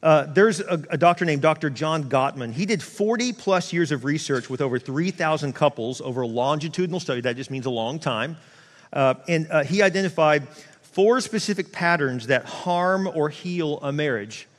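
A man preaching a sermon, his voice sitting high for a man. He talks casually and conversationally, stumbling into restarts and slipping into quoted asides. The sound carries a long reverb, as if from a large church hall. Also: lively intonation, moderate pace. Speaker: pastor.

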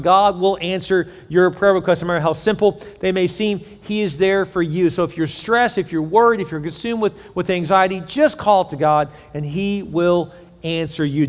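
High-voiced preaching man in echoing hall. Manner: animated, conversational preaching with quick asides. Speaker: pastor. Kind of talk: sermon. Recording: long hall reverb.

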